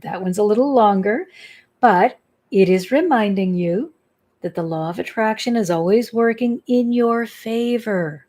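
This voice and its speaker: Slow, mellow-voiced woman guiding meditation. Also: a little high. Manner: slow, soothing, instructive, repeats affirmations. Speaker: spiritual healer leading a guided exercise. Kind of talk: guided tapping meditation.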